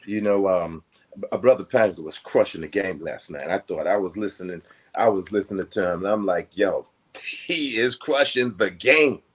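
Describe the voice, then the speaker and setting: A man's voice: low voice, a little fast, a little mellow. An older man telling a long personal story in casual conversation, reflective and rambling with many fillers. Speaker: guest.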